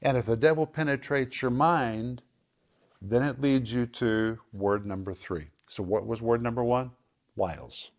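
A man teaching scripture on a program, emphatic, repeating words for stress and slowing down on key points. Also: medium pitch. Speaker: Bible teacher.

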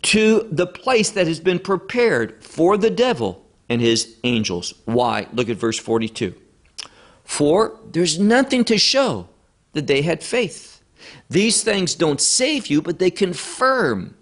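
A man teaching a Bible study lecture, reading verses aloud and stressing key words with firm, deliberate emphasis. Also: a little high, a bit bright.

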